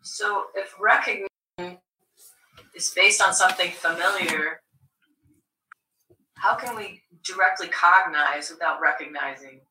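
A woman's voice: lowish voice, a little slow, pauses often, sharp tone. A woman asking a teacher a question on a video call, hesitant and thoughtful. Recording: echoey, distant, noisy call audio.

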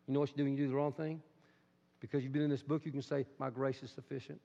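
Middle-aged male pastor, gravelly sermon voice with emphatic high bursts, dull recording in a long-reverb hall. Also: level tone, very fast, warm tone.

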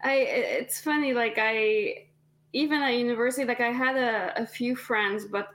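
A woman's voice: on the high side, steady tone, moderate pace, a bit bright. A woman from Canada with an accent that mixes French and Arabic, speaking as a podcast guest in a reflective, hesitant way. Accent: mix of French and Arabic. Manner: reflective, hesitant, with many restarts. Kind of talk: casual interview chat.

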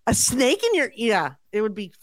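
A woman's voice: on the high side, moderate pace, no echo. A woman co-hosting a podcast in casual chat, joking, swearing and mimicking others. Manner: expressive, swears, jokey impressions. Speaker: podcast co-host.

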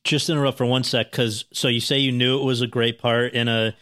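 A man's voice: medium pitch, level tone, fairly quick, fairly bright tone, dry recording, clean studio sound. A man interviewing an actor, asking questions with frequent restarts. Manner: hesitant, restarts his questions.

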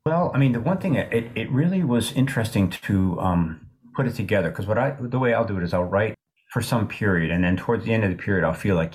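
An older man in his sixties with a low, deep voice talks through his ideas in an interview. He is thoughtful and halting, circling back and restarting his sentences as he works things out. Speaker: author being interviewed. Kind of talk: reflective interview talk.

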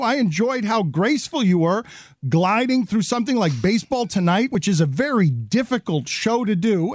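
A man's voice: sits high, no room sound. Effusive middle-aged male host, dry close sound. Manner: effusive, long winding sentences. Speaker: show host and media company head. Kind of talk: casual interview chat.

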